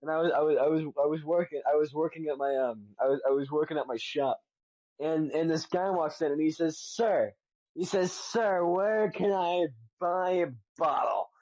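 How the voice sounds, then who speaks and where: A man's voice: fairly high pitch, fairly even intonation, dark tone, no room sound. A young man co-hosting a comedy podcast, telling rambling mock-serious anecdotes full of restarts. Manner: halting, many restarts, mock-serious storytelling. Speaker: podcast co-host. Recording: dull lo-fi dry sound.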